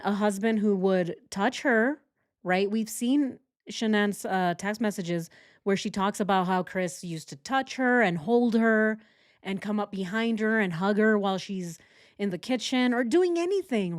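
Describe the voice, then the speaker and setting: A woman's voice: mid-range voice, no room sound, clean studio sound. A young adult woman giving sarcastic, exasperated true crime commentary while reading text messages aloud.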